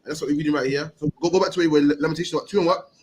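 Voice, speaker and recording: A man preaches in quick, slangy bursts. His voice sits fairly high. He keeps tagging his phrases with "man" as he drives each point home. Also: steady tone, rough recording. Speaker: street preacher teaching. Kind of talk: animated teaching with questions.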